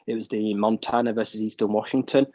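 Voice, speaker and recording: A British man talks sport in loose, opinionated chat, often restarting his sentences. His voice sits low and barely moves in pitch. The recording is dry and a little muffled. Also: fairly even intonation, fast, dark tone, dry recording. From United Kingdom. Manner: blunt, opinionated, rambling with restarts. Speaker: podcast co-host. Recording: dull, dry lo-fi mic sound.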